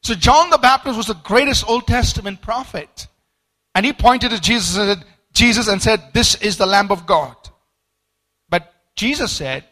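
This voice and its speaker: A man preaching a sermon from a study book, animated, acting out quoted voices, with stumbling repeats and fillers. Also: high-pitched, moderate pace. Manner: animated, acts out quoted voices with rising emphasis.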